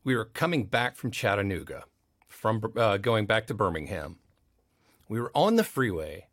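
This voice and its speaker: A man's voice: lowish voice, normal speed, no room sound, studio quality. A man chatting as a podcast guest, telling anecdotes with energy and acting out the other people in them. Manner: animated storyteller, acts out the voices in his anecdotes. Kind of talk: casual storytelling chat.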